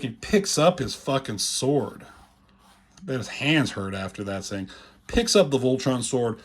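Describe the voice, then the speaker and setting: A man giving casual, rambling commentary on comic pages, profane and full of filler words, with a husky voice. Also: medium pitch, animated, measured pace.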